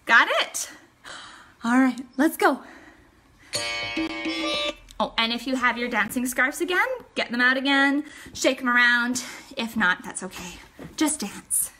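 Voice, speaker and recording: A woman's voice: fairly high pitch, measured pace, long pauses, reverberant, recorded from a distance, over music. A woman teaching a family yoga class for children, giving cheerful, encouraging instructions and making animal sounds.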